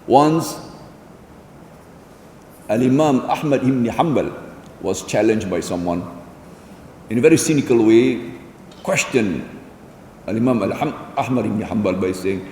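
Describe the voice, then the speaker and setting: Man, formal lecture, mellow dark voice, measured delivery, roomy hall echo. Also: fairly low pitch, lively intonation, a little hiss or hum. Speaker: lecture speaker. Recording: echoey hall with faint ambience.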